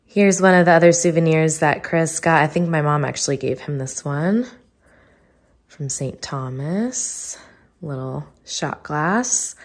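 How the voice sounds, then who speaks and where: A woman's voice: sits low, a little slow. Congested, nasal young woman vlogging. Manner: chatty, gushing, talks in a sing-song voice to her dog. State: congested with a cold. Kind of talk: casual vlog chat.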